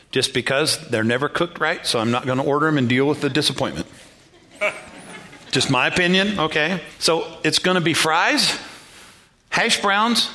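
A man's voice: on the high side, pushed and bright. A middle-aged male pastor preaching a sermon in a conversational, self-deprecating way, calling on the congregation to repeat words and respond.

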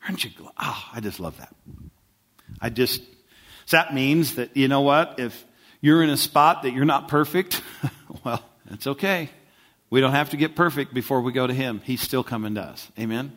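A man preaches a sermon conversationally, often asking the congregation questions and restarting many times. His voice is mid-range and a bit bright, at a moderate pace.

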